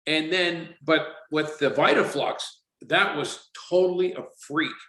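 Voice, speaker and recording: A company CEO in his sixties, guesting on a casual podcast, tells stories in a slightly high voice at a somewhat slow pace. He's an animated storyteller who acts out the voices of people he quotes. The recording has a roomy echo.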